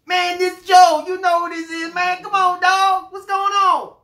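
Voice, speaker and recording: A man's voice: very high-pitched, monotone, unhurried, pushed and bright, voice pushed up, full character voice. A man voicing an overeager adult male cousin who wheedles for money in street talk. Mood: wheedling. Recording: roomy echo.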